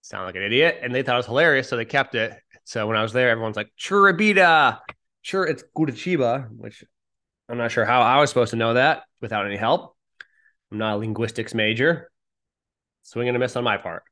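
A man's voice: mid-range voice, fast, bright, forceful tone. A man hosting a podcast on his own, chatting casually in a rambling, self-deprecating and upbeat way. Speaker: podcast host. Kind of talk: casual solo podcast chat.

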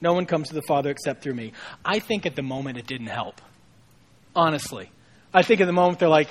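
A male pastor with a high-pitched voice gives an Easter sermon. He sounds like he is talking with his congregation rather than lecturing, telling the story casually and with light humor. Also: animated, a little fast.

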